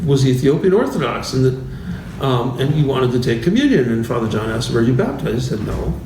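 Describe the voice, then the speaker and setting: A man giving an informal church talk with stories, halting and restarting often between fillers. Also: medium pitch, big pitch swings, recorded from a distance. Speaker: bishop teaching a class series. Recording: roomy church hall, voice from afar, faint noise.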